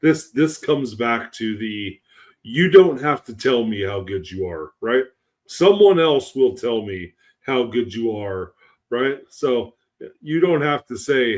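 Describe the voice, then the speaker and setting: A man's voice: mid-range voice, expressive, unhurried. A man co-hosting a podcast, in a laid-back casual chat that often tags on "right?". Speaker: podcast co-host.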